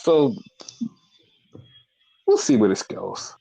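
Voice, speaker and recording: A man chatting casually as a podcast co-host, talking through wrestling shows with plenty of "like" and offhand swearing. His voice sits at an ordinary middle pitch, and he rambles along in relaxed storytelling. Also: takes it slowly, gravelly, low-quality recording. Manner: loose, profane storytelling with lots of fillers. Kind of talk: casual chat recapping wrestling.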